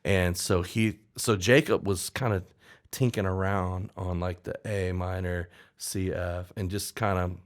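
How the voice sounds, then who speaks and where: A man's voice: low voice, steady tone, a little slow. A male songwriter telling a story in casual chat, acting out the people he quotes. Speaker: songwriter guest.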